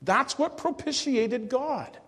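A male pastor preaching a sermon to his congregation, earnest and emphatic, with hushed drops. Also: very high voice, expressive, slow pace, slightly rough, big-room sound. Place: church.

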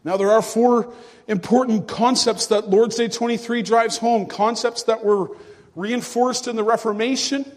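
A male pastor preaching a sermon to his congregation, earnest and emphatic, with hushed drops. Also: extremely high pitch, steady tone, measured pace, big-room sound. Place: church.

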